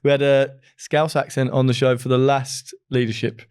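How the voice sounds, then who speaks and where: A man's voice: medium pitch, level tone, normal speed, darkish tone, smooth. Upbeat guy from the midlands hosting a podcast, easy casual chat. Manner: chatty and enthusiastic, laughs often. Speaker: podcast host.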